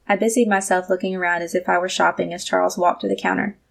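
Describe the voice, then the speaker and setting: A woman reads a first-person story in the even style of an audiobook narrator. She talks fast, and her low voice has a gravelly texture touched with vocal fry.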